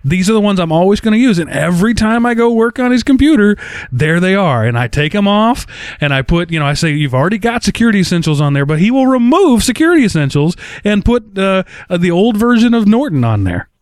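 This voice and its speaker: A man hosting a casual tech podcast, joking and quick to laugh. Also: high-pitched, very animated, dry recording, studio quality. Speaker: podcast host.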